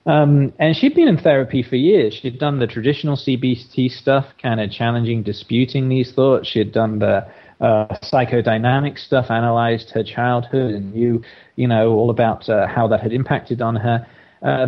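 Male therapist guest, mid-pitched, halting and full of fillers, on slightly muffled audio. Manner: hesitant, many restarts and fillers. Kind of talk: conversational interview storytelling.

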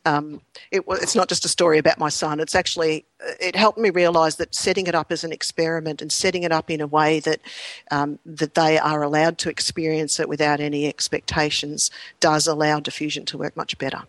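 A middle-aged woman, a clinical psychologist, chatting in an interview with lively anecdotes, ums and frequent laughter. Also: low-pitched, fairly quick, dry recording. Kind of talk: conversational interview storytelling.

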